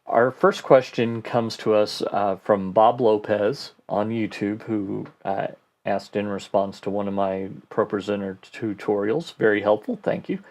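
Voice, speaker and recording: A man hosting a casual question-and-answer podcast, answering listener questions in a relaxed way and thinking aloud with fillers. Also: lowish voice, a little slow. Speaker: host.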